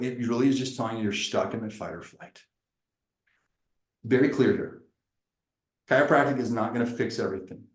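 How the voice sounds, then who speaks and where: A man, a chiropractor, giving an energetic, preacher-like seminar presentation. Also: medium pitch, reverberant, low-quality recording. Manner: lively, preacherly, acts out little dialogues.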